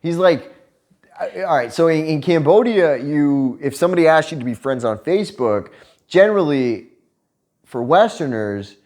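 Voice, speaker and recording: Profane, animated man telling stories. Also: fairly high pitch, moderate pace. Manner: profane, animated storyteller who laughs while telling. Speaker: vlogger. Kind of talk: casual storytelling chat.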